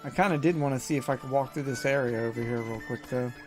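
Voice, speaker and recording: A man's voice: medium pitch, fast talker. A man giving casual gameplay commentary as a streamer, chatting with viewers enthusiastically over faint game music.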